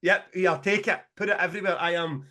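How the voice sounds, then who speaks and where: Scottish male co-host, higher register, lively and sweary, laughs a lot. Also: fast. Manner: animated, sweary, laughing storyteller. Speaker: podcast co-host, promoter. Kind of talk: casual podcast chat.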